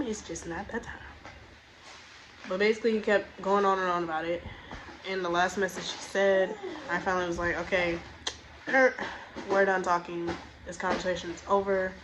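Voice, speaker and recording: A woman's voice: fairly low pitch, noisy background. A young woman telling a storytime tale in a blunt, exasperated, profane way. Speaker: storytime vlogger. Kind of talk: casual storytime rant.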